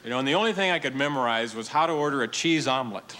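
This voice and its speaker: A man doing a stand-up routine on a TV stage, telling his story in a deadpan, mock-earnest way to a live audience. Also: medium pitch, racing. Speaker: stand-up comedian. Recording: TV studio with audience laughter and noise.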